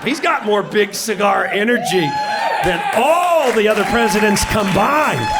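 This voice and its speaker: A middle-aged man from Seattle doing a stand-up set, brash and mock-indignant, firing off punchy rhetorical questions. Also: high-pitched. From Seattle, USA. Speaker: stand-up comedian. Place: comedy club stage before a live audience. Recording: loud crowd laughter and room noise.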